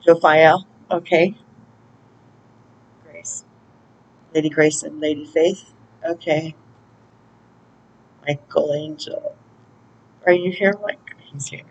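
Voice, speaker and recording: A woman's voice: deep voice, fairly even intonation, slow pace, pauses often, slightly rough, poor audio. A woman giving a casual spiritual oracle reading, chatty and laughing often as she greets angels aloud. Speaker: intuitive oracle card reader.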